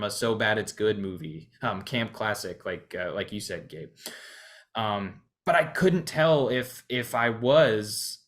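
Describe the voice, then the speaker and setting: A man's voice: medium pitch, a bit bright. Hesitant man in casual film talk. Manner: hesitant, many restarts and fillers. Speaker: podcast co-host.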